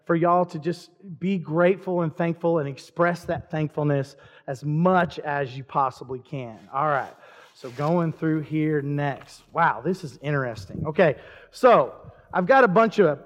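A man's voice: fairly high pitch, lo-fi sound. A man preaching a casual, chatty sermon in church, breaking off mid-sentence and chuckling at asides. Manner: conversational, self-interrupting, chuckling asides. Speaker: pastor. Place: church sanctuary. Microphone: handheld or stage mic. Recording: long reverb of a church hall.

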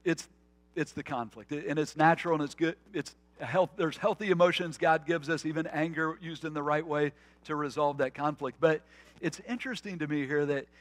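A male pastor preaching a conversational sermon, telling stories earnestly, restarting phrases, and slowing to a soft voice on key points. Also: fairly high pitch, dry recording. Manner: earnest, storytelling, with frequent restarts.

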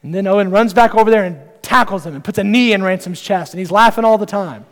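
A man's voice: sits high, fast, in a large hall. A man preaching a sermon as pastor, earnest and direct, putting rhetorical questions to the congregation.

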